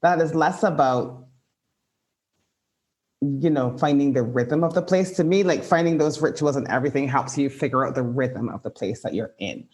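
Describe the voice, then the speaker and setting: A woman's voice: rumbling low, normal speed, darkish tone. A woman, an author and writing coach, giving reflective advice as a podcast guest, with a lot of "like" and "you know". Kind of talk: casual conversational interview.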